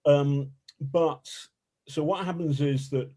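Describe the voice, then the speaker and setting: Man, journalist guest, mellow voice, animated storyteller, salty language. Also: a little high, slow pace. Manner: animated, colorful, swears freely. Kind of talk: casual storytelling interview.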